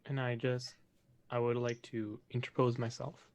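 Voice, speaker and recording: Man tabletop player, mid-pitched, clipped and terse. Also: level tone, moderate pace. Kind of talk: tabletop role-play, mixing in-character lines and narration.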